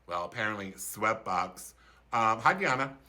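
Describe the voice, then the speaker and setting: Campy flamboyant guy in his 50s doing a funny story on a live stream, really bright sharp voice. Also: expressive, a little slow. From Philadelphia, USA. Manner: campy, flamboyant and theatrical, with sudden high-pitched outbursts. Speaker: comic storyteller. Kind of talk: comic storytelling on a livestream.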